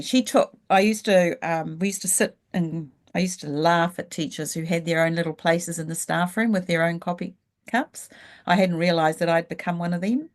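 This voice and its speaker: A middle-aged woman, telling her story frankly and reflectively as an interview guest. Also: fairly low pitch. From New Zealand. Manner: frank and reflective, slows down when thinking back. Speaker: guest, leadership coach. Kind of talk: candid storytelling in a casual interview.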